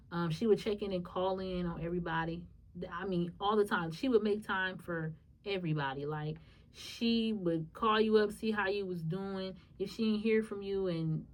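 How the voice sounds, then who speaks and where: A woman hosting a solo podcast, telling a personal story in a casual, emotional way, talking to her listeners as y'all and swinging between soft musing and sudden high, excited bursts. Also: recorded from a distance. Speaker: podcast host.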